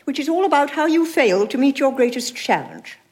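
A woman's voice: high voice, animated, fairly quick, a little mellow. An actress playing an earnest female biographer with a faintly smug manner. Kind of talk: sitcom acting.

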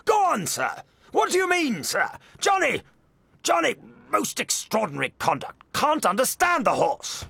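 A man voicing a pompous old gentleman indignantly shouting at his horse in a storybook reading. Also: extremely high pitch, huge pitch swings, unhurried, vocal fry, breathy edge, no echo, voice pushed up, heavily acted. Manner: indignant blustering.

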